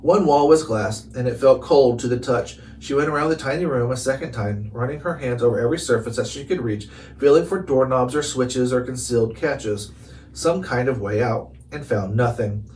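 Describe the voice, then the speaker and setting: A man's voice: medium pitch, normal speed, darkish tone. A man reading a chapter book aloud and chatting casually about the story in between. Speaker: reader. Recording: distant mic with faint noise.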